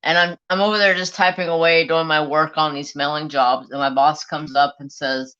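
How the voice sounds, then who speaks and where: A man's voice: a little high, flat delivery, normal speed, bright, forceful tone, smooth, muffled recording. A man hosting a crafting live stream, telling stories in casual, profane chat. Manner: chatty, profane storyteller.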